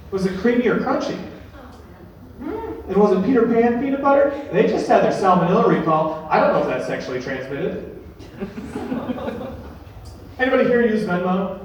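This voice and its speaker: A young man performing a stand-up comedy set with a dry, deadpan delivery that builds to punchlines. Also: high voice, moderate pace, long pauses. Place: comedy venue stage. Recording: echoey room, distant mic, faint noise.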